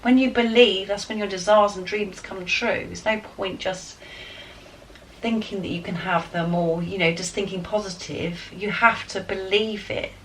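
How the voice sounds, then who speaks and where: A woman giving a spiritual tarot guidance reading, excitable and enthusiastic as she talks straight to her viewers. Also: mid-range voice, a little slow. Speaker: tarot card reader. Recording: distant mic with faint background noise.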